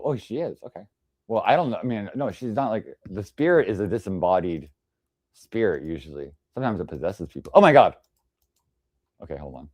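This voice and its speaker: A man's voice: medium pitch, darkish tone, no echo, clean studio sound. Rambling, sarcastic man hosting a stream. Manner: rambling, sarcastic, with frequent restarts. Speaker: livestream panel host. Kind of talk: rambling livestream presentation. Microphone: desk microphone on a stream.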